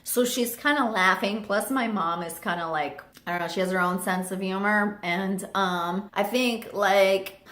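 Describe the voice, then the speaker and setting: A young woman telling a chatty storytime vlog story, animated with lots of fillers. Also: mid-range voice. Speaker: vlogger. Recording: roomy echo.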